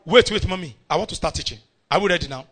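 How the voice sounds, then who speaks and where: A middle-aged man with a Nigerian accent preaching a sermon, animated and often breaking into shouts as he calls out to the congregation. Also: a little high, fast talker.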